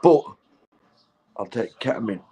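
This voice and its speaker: A man talks in a loose, rambling vlog monologue while stoned. He swears constantly, drifts between thoughts, and breaks into laughter. His voice sits at an ordinary, mid-range pitch. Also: lively intonation, unhurried, noisy background. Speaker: vlogger.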